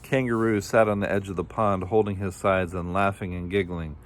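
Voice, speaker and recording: Low-voiced man reading a children's story. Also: fairly even intonation, normal speed, a little hiss or hum. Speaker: storybook reader.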